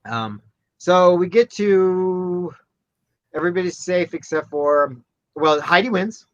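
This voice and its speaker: A man co-hosts a casual chat show at a slow pace, the audio dull but free of echo. He talks animatedly, acting out quotes in high voices and restarting often.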